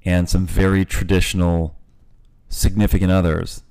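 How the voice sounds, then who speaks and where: A man in his late forties chats on a podcast in a lowish voice, candid and joking. He swears easily and keeps a loose, conversational flow. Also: flat delivery, moderate pace, vocal fry, a little mellow. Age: 40s. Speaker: podcast host. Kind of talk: casual podcast chat.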